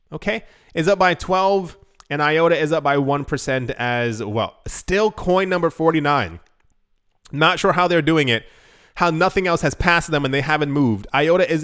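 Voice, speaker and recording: A man's voice: a little high, fairly bright tone, clear, resonant tone. A man hosting a solo crypto channel, talking casually and rambling, who runs out of breath while reading long lists. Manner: rambling, self-deprecating, rattles off long lists.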